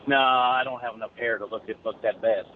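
A man's voice: medium pitch, fairly even intonation, brisk, a little hiss or hum. A man who drives a truck, calling in and talking casually in a rambling way with many restarts, heard over a phone line. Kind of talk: casual chat.

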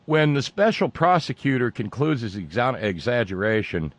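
A man's voice: medium pitch, lively intonation, normal speed, no echo. A male talk show host who uses carnival-barker patter and mocking asides. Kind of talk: sarcastic talk show monologue.

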